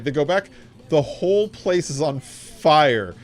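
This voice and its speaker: A man streaming a video game, chatting casually in a rambling, profane, animated way. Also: on the high side, fairly quick. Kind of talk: casual gameplay commentary.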